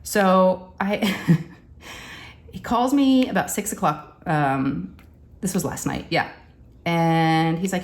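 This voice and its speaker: A woman's voice: lowish voice, a little slow. A woman, a crafting vlogger telling a story in casual chat and acting out the quotes with animation. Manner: animated, acts out quotes, says y'all.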